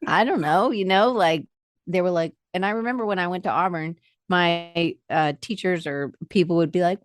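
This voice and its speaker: A woman from Atlanta, a guest on a podcast, telling lively stories and acting out what people said. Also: fairly low pitch, moderate pace, no room sound, clean studio sound. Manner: lively storyteller who acts out quoted dialogue. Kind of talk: casual conversation.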